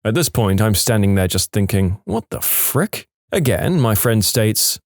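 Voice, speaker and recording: A man narrating funny short stories in a dry, deadpan scripted delivery, briefly putting on voices for quoted lines. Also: lowish voice, moderate pace, no room sound.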